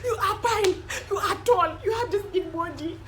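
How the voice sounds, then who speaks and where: A woman's voice: extremely high pitch, normal speed, a bit bright, slight background noise. A woman with a Nigerian accent playing a caring young woman who pleads with and coaxes a friend in a comedy skit. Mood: fond. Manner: pleading, coaxing, laughing through words. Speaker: comforting girlfriend on a call.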